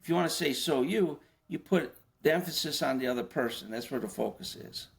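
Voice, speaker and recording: A mid-range, gravelly and animated voice belongs to an older man who used to be an FBI agent. In conversation with an interviewer he explains things, frequently posing rhetorical questions and tripping into fast restarts.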